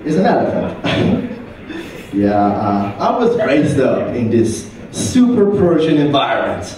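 A young man performing a stand-up comedy set at a university comedy night, animated and quick to jump into loud put-on voices. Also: medium pitch. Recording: roomy hall, mic heard from a distance.

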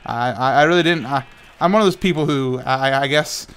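Young male gaming host, clear smooth voice, stammers and restarts often, sounds tired, tosses in silly sound effects. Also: medium pitch, brisk, a bit bright. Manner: rambling, frequent stammered restarts. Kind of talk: casual talk while playing Minecraft.

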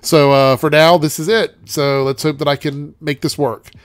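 A man's voice: on the high side, little pitch movement, moderate pace, clear, resonant tone. A young man with a congested voice giving a rambling, chatty TV episode review as host of his show. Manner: rambling, chatty, frequent ums.

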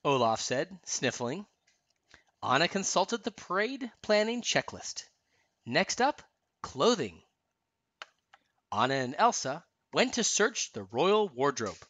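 A woman's voice: sits low, very animated, measured pace, a bit bright, no room sound. Woman reading a bedtime story. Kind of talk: reading a children's story aloud.

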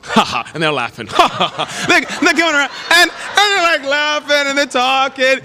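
A male pastor preaches with a high, bright voice that leaps around in pitch as he tells animated stories. His voice rings out with a long hall reverb, and faint noise sits underneath. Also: moderate pace, hardly any pauses. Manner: animated storytelling with laughs and exclamations. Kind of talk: sermon.

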